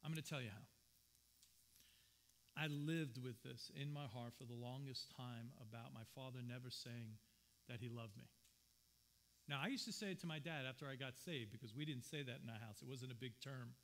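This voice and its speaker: A man's voice: medium pitch, normal speed, fairly bright tone. A man preaching a sermon as pastor, earnest and personal, telling stories from his own life in a church. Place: church sanctuary.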